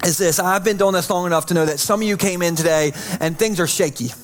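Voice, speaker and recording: A man preaching as pastor, casual and chatty, dropping low and slow each time he repeats "holy.". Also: faint music behind. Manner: repeats "holy" softly and slowly, chatty asides. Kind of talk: sermon.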